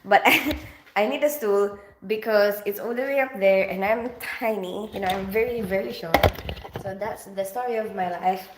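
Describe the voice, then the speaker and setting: A woman's voice: mid-range voice, moderate pace, heavy background noise. A woman in her forties from the Philippines, chatting casually with viewers on a home livestream, with a stuffy nose from allergies and a rambling, filler-heavy way of talking. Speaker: livestream host. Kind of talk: casual live chat with viewers.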